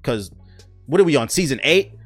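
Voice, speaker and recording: A man's voice: mid-range voice, big pitch swings, normal speed, no echo, faint music behind. A man hosting his own podcast, rambling and joking in a casual, profane rant. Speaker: podcast host.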